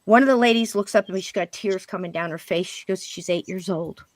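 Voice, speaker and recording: A woman telling a ghost story as a guest medium on a paranormal interview show, in a voice of middle height. She acts out what she and others said and sometimes drops to a hush. The sound is dry and close. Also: mid-range voice, quick pace, no room sound. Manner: animated, quotes spirits and herself in hushed voice.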